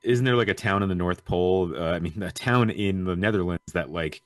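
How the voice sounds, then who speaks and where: A man's voice: low-pitched, fairly quick, dry recording, studio quality. A man co-hosting a podcast, chatting casually and chiming in with short agreements. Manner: brief agreeing interjections, chuckles. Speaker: podcast co-host. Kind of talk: casual chat.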